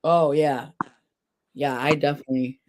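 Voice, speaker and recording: A woman's voice: low voice, fairly even intonation, moderate pace, rough recording. A woman hosting a casual trivia livestream, reading out questions, spelling words and laughing at her own slips. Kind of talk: casual chat.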